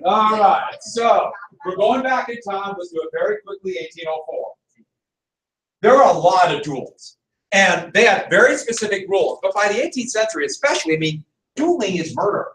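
A man teaching a classroom history lesson, his voice sitting somewhat high and swinging widely as he presses his points with rhetorical questions. He is picked up from a distance, so the room's echo hangs around every phrase. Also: expressive, moderate pace, a bit bright. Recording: echoey room, from far off.

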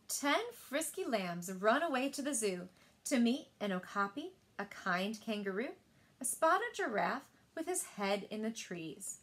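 A woman librarian reads picture books aloud, expressive and sing-song. Her voice sits a bit high and rises and falls with lively movement. Gentle storytime narration. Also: unhurried.

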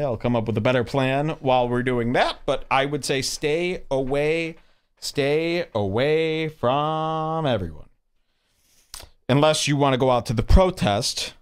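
A man's voice: medium pitch, clean tone. A man hosting a podcast, delivering a rambling, mock-serious comedic monologue with sarcastic, theatrical swings in his voice. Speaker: podcast host.

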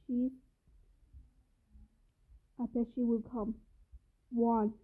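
High-voiced jumpy woman gamer, tinny audio. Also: little pitch movement, drawn-out words. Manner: jumpy, swears often, talks to viewers. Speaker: gamer streaming a horror game. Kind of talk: casual let's-play commentary. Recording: tinny phone-like lo-fi audio with faint noise.

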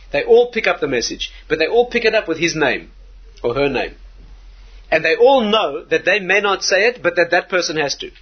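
Husky rabbi lecturing, dull recording. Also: male voice, fairly high pitch. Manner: measured, explanatory, with frequent restarts and rhetorical questions. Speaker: rabbi teaching a class.

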